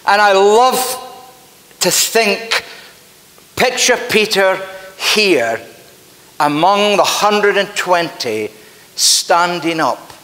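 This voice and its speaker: A man's voice: high voice, lively intonation, drawn-out words, long pauses, bright, forceful tone. A man with a Scottish accent, a pastor preaching a sermon in an earnest, emphatic storytelling manner in a church. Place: church sanctuary. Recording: echoey church hall with long reverb.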